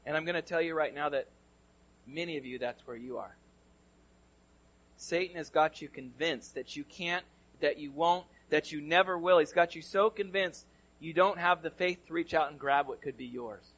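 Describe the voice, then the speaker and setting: A male pastor from California preaching a sermon, telling a story conversationally and swinging between loud and hushed delivery. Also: a little high, moderate pace.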